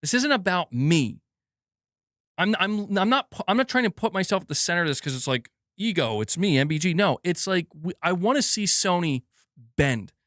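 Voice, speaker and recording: Young guy on a live stream going off about gaming news, kinda high voice, swears a lot, says like constantly, dry close sound. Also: lively intonation, fairly quick, fairly bright tone, dry recording. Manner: heated ranting, heavy swearing, many fillers. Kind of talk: live stream commentary, reading super chats.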